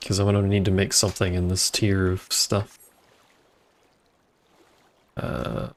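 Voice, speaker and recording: Male game streamer, low and gravelly, wry and grumbling, casual, swears freely. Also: steady tone, unhurried, long pauses. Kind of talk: casual gameplay commentary.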